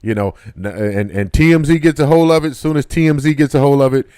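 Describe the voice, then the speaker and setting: A man's voice: mid-range voice, fast talker, mellow, smooth, no echo, studio quality. A man hosting a radio talk show, chatting and joking about celebrity gossip in a laid-back way. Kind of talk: casual celebrity gossip chat.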